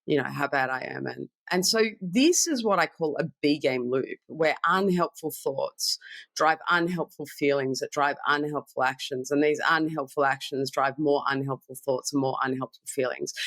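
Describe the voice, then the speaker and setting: A woman's voice: low voice, dry recording. Woman coach acting out inner thoughts. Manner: animated, acts out inner monologue in quoted asides. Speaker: mindfulness coach. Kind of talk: podcast interview explanation.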